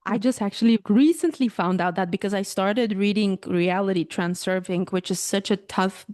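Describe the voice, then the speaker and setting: A woman with a Balkan accent speaks as the guest in a relaxed interview, her voice a little congested today. She talks earnestly and deliberately, and she leans on measured pauses. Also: mid-range voice. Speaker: author and guest. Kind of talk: casual interview conversation.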